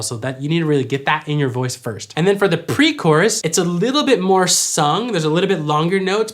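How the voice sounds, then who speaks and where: A man teaching worship vocals, explaining clearly and singing short examples. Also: on the high side. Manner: clear, instructive, demonstrates by singing. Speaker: vocal coach. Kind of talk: vocal tutorial with sung examples.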